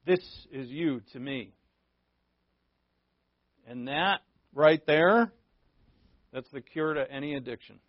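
A man preaching a sermon, telling stories with animated acted-out quotes and laughing at himself. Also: on the high side, slow pace, pauses often, dry recording. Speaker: pastor. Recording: dull, dry lo-fi recording.

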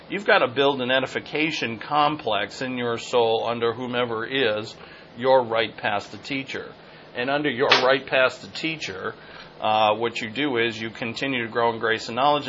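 A man's voice: mid-range voice, pushed and bright. Earnest man teaching scripture, lo-fi. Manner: earnest, repetitive, searching for words mid-sentence. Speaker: pastor. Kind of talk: expository Bible teaching. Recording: dull lo-fi sound with faint noise.

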